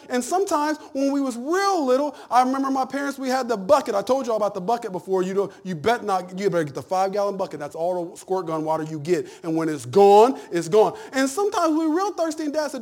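A man preaching a humorous, animated sermon, jumping from loud punchlines to hushed asides. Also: extremely high pitch, quick pace. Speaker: pastor.

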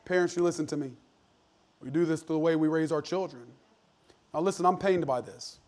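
Pastor, forties, preaching earnest and emphatic, slightly higher voice, folksy restarts. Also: male voice, fairly quick, a little mellow. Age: 40s. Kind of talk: sermon.

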